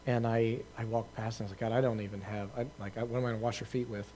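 A man's voice: fairly low pitch, flat delivery, very fast, warm tone, slight background noise. A man giving an informal talk to a group, telling a story in a conversational way with many fillers, restarts and laughs at himself. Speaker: preacher answering questions.

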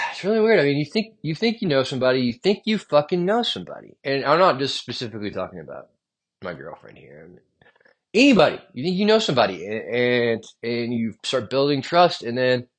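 Husky rambling man, lively pitch. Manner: meandering, profane, trails off quietly. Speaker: podcast host. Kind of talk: rambling solo monologue.

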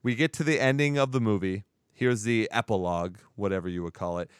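A man's voice: fairly low pitch, fairly quick, smooth, dry recording, studio quality. A man hosting a casual movie review podcast, retelling scenes animatedly, acting out quotes and laughing often. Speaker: podcast host.

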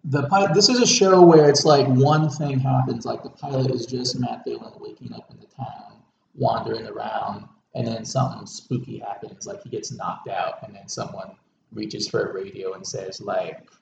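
A man's voice: mid-range voice, animated, normal speed, gravelly, a little mellow. A man co-hosting a casual movie podcast, laid-back and dry, recapping plots with many fillers. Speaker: podcast co-host. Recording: echoey distant lo-fi room mic with faint hiss.

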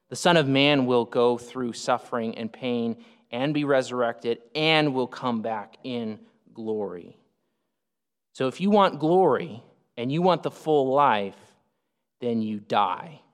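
A man preaching an expository sermon, emphatic, swinging up and down in pitch to stress his points. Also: clean tone. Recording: reverberant hall.

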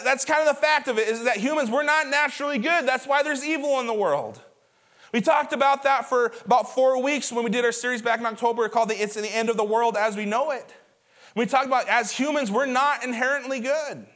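A male pastor preaching a sermon to his congregation in a church, in a conversational way, telling stories with lively emphasis and repeated words. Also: sits high. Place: church auditorium before a congregation.

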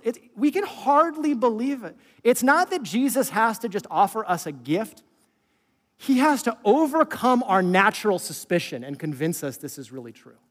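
A middle-aged male pastor preaching a conversational sermon, asking the audience questions and dropping into quiet asides. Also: sits high, big-room sound.

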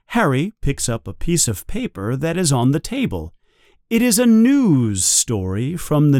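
A man narrating a storybook in a measured, expressive reading. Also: mid-range voice, no room sound, clean studio sound.

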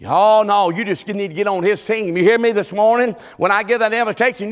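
A middle-aged man preaching a sermon, swinging between shouted peaks and low, quiet passages. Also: steady tone, a little fast, few pauses. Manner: shouting, rising and falling Southern preaching cadence.

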